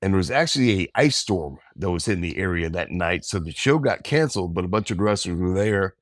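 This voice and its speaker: Interview guest, man in his fifties, deep voice, loose storyteller, dry recording. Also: brisk, no echo. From American South. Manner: relaxed, rambling, acts out quotes. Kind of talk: casual storytelling.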